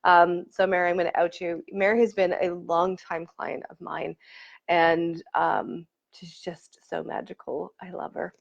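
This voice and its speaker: A woman's voice: lowish voice, little pitch movement, a little slow, creaky. Effusive woman coach on a dull stream. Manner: warm and effusive, reads and greets commenters. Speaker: coach leading a live online workshop. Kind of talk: casual live-stream talk to viewers. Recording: slightly dull lo-fi stream audio.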